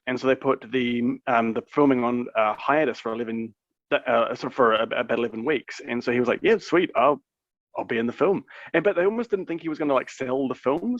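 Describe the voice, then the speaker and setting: A man's voice: medium pitch, dry recording. Rambling male podcast co-host. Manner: rambling, filler-heavy. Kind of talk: casual podcast chat. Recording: dull dry lo-fi sound.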